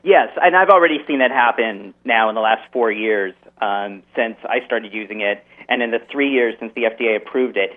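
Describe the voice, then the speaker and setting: A man's voice: fairly low pitch, brisk, hardly any pauses. A man, a therapist, explaining earnestly as a guest in an interview over the phone. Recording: tinny phone line.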